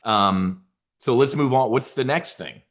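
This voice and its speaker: A man's voice: mid-range voice, a little slow, fairly bright tone. A man hosting a trading show, talking in a rambling, casual way with many repeated words and asides to his viewers. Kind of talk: casual market commentary.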